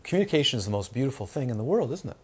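Against a noisy background, a man with a mid-range voice delivers a Dharma talk to students at a very fast clip. He animates the teaching with rhetorical questions, playful asides and acted-out crying babies.

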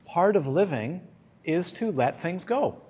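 A man's voice: high-pitched, animated, measured pace, a little mellow, husky. A man with a British accent, a meditation teacher giving a conversational teaching talk to a retreat group, full of anecdotes. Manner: conversational, anecdotal, acts out quoted complaints.

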